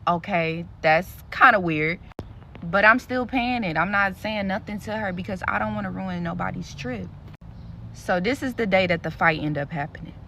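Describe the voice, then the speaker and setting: Woman vlogger spilling a storytime, bright voice, cussing and animated. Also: mid-range voice, moderate pace, slight background noise. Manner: blunt, profane, animated storytelling. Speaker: content creator. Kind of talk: storytime vlog.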